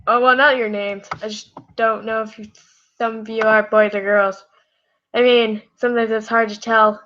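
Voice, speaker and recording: A woman's voice: fairly high pitch, little pitch movement, moderate pace, a bit bright. A woman casually reading fan fiction aloud on a live stream, rambling and apologizing, tired with a scratchy throat. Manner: giggly, rambling, apologetic asides. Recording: muffled lo-fi audio.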